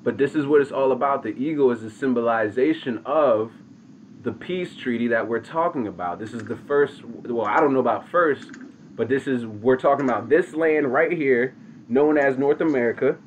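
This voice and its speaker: Slangy, animated man telling a story. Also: mid-range voice, slight background noise. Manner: animated, slangy, addresses listeners directly. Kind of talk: casual oral storytelling.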